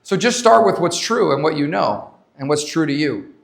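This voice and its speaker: A man with a gravelly, somewhat high voice gives a high-energy motivational speech at a leadership summit, moving at a moderate pace. Standing on a conference stage before a live audience, he circles back to his points and throws questions at the crowd.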